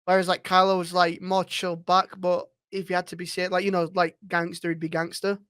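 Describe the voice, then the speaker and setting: A man's voice: high voice, completely flat delivery, fairly quick, fairly bright tone, clear, resonant tone, no echo. Guy chatting about streaming, rambles a lot, swears, dry close sound. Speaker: roleplay streamer guest. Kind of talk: casual interview chat.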